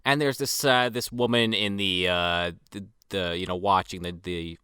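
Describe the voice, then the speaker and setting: Male podcaster, bright and crisp voice, incredulous and mocking, dry close sound. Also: low voice, fairly even intonation, normal speed, no echo. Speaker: podcast co-host. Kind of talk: casual movie review chat.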